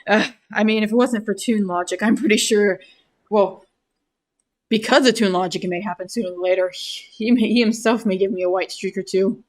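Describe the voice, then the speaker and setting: A woman's voice: medium pitch, fairly even intonation, a little fast, close to an everyday voice. A woman voicing a flustered, earnest young male toon detective who stammers through nervous denials in a tabletop role-play. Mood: gentle.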